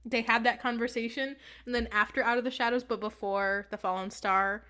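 A woman co-hosting a casual fan discussion podcast, jokey and animated. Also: on the high side, fairly quick. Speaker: podcast co-host.

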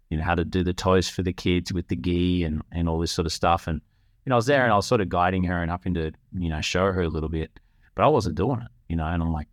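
A man tells a long personal story in a loose, rambling way. He restarts his sentences and acts out the other people in the story. His voice sits very low, and the recording is dry and close. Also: no echo. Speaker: podcast host. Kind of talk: casual storytelling.

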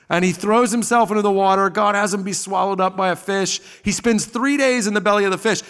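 A man preaching a sermon as a pastor, dramatic, swinging from loud exclamations to hushed near-whispers. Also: sits high, fairly quick, few pauses, clean tone, in a large hall.

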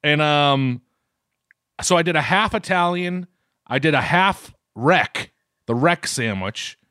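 Rambling, lively man telling a story. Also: fairly high pitch, slow pace, clear, resonant tone, no echo, clean studio sound. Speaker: podcast co-host. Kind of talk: casual food podcast chat.

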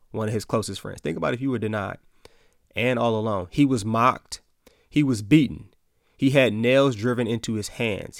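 A man's voice: mid-range voice, creaky, dry recording. Guy doing a christian podcast, earnest and chatty, dry close mic sound. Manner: earnest, conversational, reads verses aloud. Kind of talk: casual devotional talk with scripture reading.

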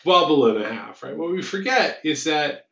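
Talkative host in an echoey room. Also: male voice, a little high, normal speed, creaky, lo-fi sound. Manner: animated storytelling, frequent "like" and restarts. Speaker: podcast host. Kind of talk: casual conversational chat.

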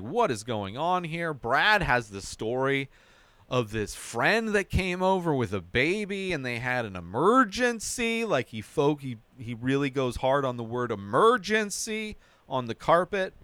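Smooth-voiced man recapping a TV episode. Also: mid-range voice, moderate pace, no echo. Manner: animated storytelling with frequent "right?" asides. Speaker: podcast host.

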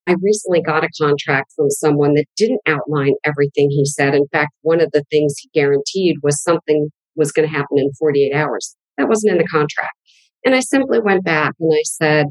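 A woman business coach answering interview questions in a plain, direct, steady way. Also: low voice, brisk, no echo, low-quality recording.

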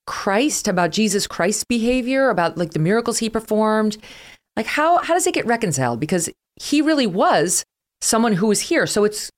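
A woman in her fifties hosting an interview, chatty and quick, mixing questions with personal anecdotes. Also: mid-range voice. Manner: chatty, quick, laughs often, tells family anecdotes. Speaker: podcast host. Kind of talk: conversational interview.

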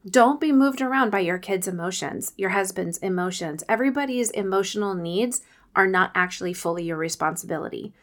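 A woman's voice: medium pitch, fairly bright tone. A woman in her forties hosting a podcast, giving earnest, faith-based coaching advice. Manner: earnest, coaching, often acts out quotes. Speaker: podcast host.

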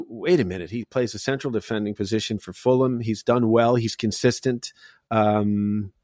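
A man's voice: medium pitch, no room sound, studio quality. A middle-aged man hosting a casual sports talk show, telling rambling stories full of fillers. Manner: rambling storyteller, many fillers. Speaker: podcast host. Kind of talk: casual chat.

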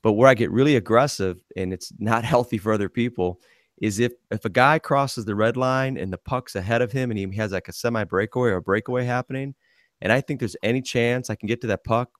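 On his casual sports podcast, this host laughs through rambling anecdotes about being a goalie in a hockey league. He speaks quickly at a medium pitch, and the dry recording has studio quality.

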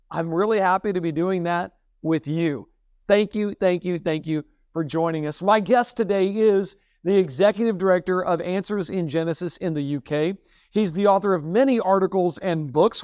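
A man's voice: high-pitched, no room sound, studio quality. An enthusiastic man hosting a faith podcast, upbeat and repeating himself for emphasis. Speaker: podcast host.

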